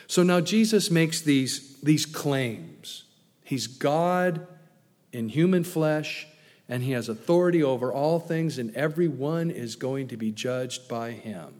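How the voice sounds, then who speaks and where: A man's voice: medium pitch, animated, slow pace, darkish tone, big-room sound. A man preaching an expository sermon in an earnest, emphatic way, often repeating words and adding asides.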